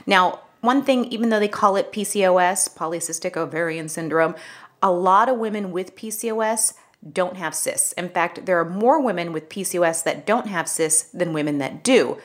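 Woman, middle-aged, lowish voice, casual podcast co-host, conversational and explanatory. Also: normal speed. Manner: conversational, explanatory, animated when telling a story. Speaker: podcast co-host, health practitioner. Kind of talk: casual health podcast discussion.

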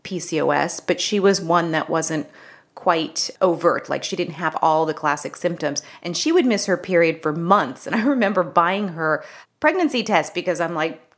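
A middle-aged woman co-hosting a health podcast, explaining things in a casual, conversational way that turns animated when she tells a story. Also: on the low side, moderate pace. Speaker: podcast co-host, health practitioner.

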